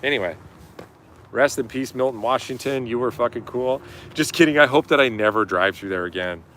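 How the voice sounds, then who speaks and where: A man's voice: medium pitch, brisk, slight background noise. A middle-aged man telling a story in a casual, profane live-stream rant. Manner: profane, animated, acts out yelling quotes.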